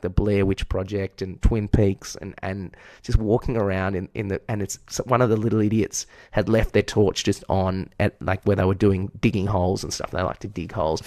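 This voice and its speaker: A man's voice: fairly low pitch, dry recording, clean studio sound. A man with an Australian accent, co-hosting a podcast and telling a long story in a candid, profane, self-deprecating way. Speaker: podcast co-host. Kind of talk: casual chat, storytelling.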